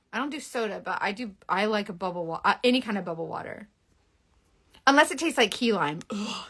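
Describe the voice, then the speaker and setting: A woman, chatting loudly and bubbly on a live stream and reading out viewer comments. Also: a little high. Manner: loud, bubbly and animated, fast bursts with laughs. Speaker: beauty seller hosting a live stream.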